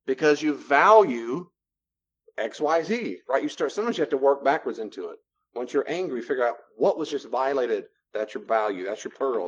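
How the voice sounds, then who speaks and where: Through dull-sounding audio, a medium-pitched man delivers a conversational lecture on personal boundaries to a class. He stresses points by repeating phrases, and the lesson includes role-play.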